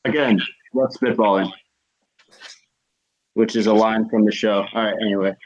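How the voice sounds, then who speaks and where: A young man hosts a laid-back livestream hangout, wandering through stories packed with fillers. His voice is lowish with fairly even intonation, and he speaks at a moderate pace. The stream audio is dull and lo-fi.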